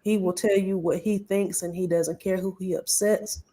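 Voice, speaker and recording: A woman's voice: mid-range voice, fairly even intonation, normal speed, dark tone, slight background noise. Live-stream host, woman in her forties, upbeat and earnest, casual video-call chat. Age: 40s. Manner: earnest, upbeat, talks in bursts and restarts.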